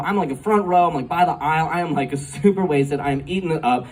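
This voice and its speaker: A man's voice: on the high side, brisk, few pauses. A man in his twenties doing a stand-up comedy set, telling a rambling story full of "like" and frequent giggles. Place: comedy club stage. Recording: distant live club recording, faint room noise.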